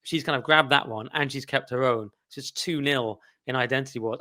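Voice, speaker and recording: A man's voice: mid-range voice, a little fast, sharp tone. A man from England, hosting a podcast, talking in a blunt, sardonic way with rambling asides. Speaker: podcast host. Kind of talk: casual opinionated chat.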